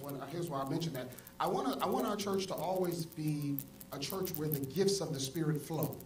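A male pastor preaching a sermon, swinging from soft asides to loud exclamations. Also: fairly high pitch, far from the mic. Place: church sanctuary. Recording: echoey church hall, mic from afar, congregation audible. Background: congregation.

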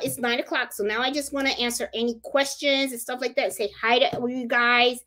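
A woman's voice: sits high, bright, forceful tone. A woman with a Puerto Rican accent hosting a casual live stream about sewing, chatting and repeating herself for emphasis. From Puerto Rico. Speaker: crafting channel host.

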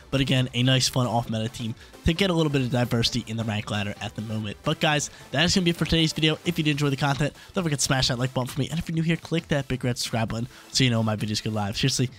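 Gaming host, male, mid-range voice, chatty play-by-play commentary, throat a little rough, soft music under him. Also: medium pitch, very fast, hardly any pauses. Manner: excitable, chatty, thinks out loud. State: coughing, throat irritated. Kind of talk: live commentary on a video game battle.

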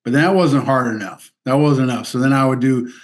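A man from Missouri, telling stories in a loose, casual way as an interview guest. His voice sits at an ordinary mid pitch, and he laughs often and drops "dude" and "like" throughout. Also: a little fast. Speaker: guest athlete.

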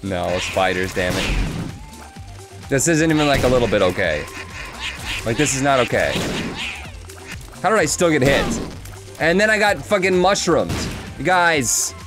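An excitable man talks his way through a video game at a middling pitch. His voice leaps around with big swings between lows and sudden highs. Game music plays clearly behind him. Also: measured pace, long pauses. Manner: excitable, jokey, chatty with the game. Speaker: gaming channel host. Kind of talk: let's play commentary.

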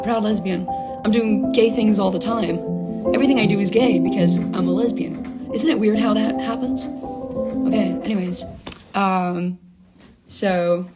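A young woman hosting a casual live stream from home, talking in a hyper, rambling, giddy way into her phone. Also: mid-range voice. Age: young adult. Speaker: livestream host. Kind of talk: casual livestream chat. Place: at home, alone.

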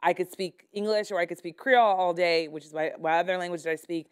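Woman panelist, from Miami, smooth resonant voice, animated storyteller on a university stage. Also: on the low side, quick pace. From Miami, Florida. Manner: animated storytelling, quotes people in lively asides. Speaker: panelist journalist. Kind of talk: panel discussion.

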